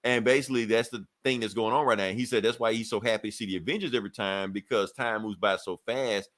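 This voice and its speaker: A man's voice: fairly low pitch, quick pace, fairly bright tone. A man co-hosting a podcast, recapping a comic book in a loose, profane, laughing way. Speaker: podcast co-host.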